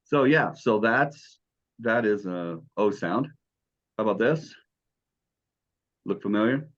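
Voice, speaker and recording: A man's voice: deep voice, animated, unhurried, a bit bright, highs cut off. A man teaching a beginners' Greek class, explaining letters and sounds patiently, step by step. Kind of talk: classroom lesson.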